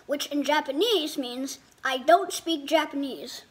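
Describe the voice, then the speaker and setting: A woman's voice: high voice, moderate pace, hardly any pauses. A woman casually reviewing a meal, thinking aloud, rambling, and talking with her mouth full. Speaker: food reviewer. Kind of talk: casual chat while eating.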